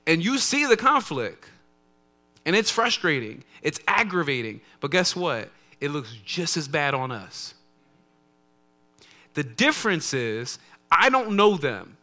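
A man preaching a conversational sermon to his congregation, swinging between soft asides and loud emphatic lines. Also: a little high, sing-song, unhurried. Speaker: pastor.

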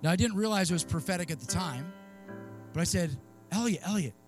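A man's voice: sits high, fast talker. A man in his thirties preaching a sermon in a conversational, earnest way, acting out voices in his stories. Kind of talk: sermon with personal story. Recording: faint music underneath. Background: soft instrumental music.

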